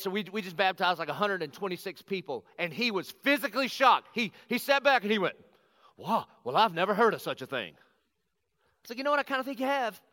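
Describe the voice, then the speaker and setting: A middle-aged man, a pastor, telling a personal story in a lively conversational sermon and acting out the quotes. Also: sits high, no echo. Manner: animated, conversational, acts out quotes.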